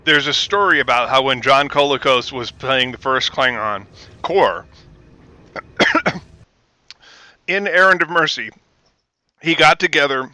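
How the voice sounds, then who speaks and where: A man chatting casually on a live stream, rambling with fillers and getting animated when he rants. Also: medium pitch, no room sound.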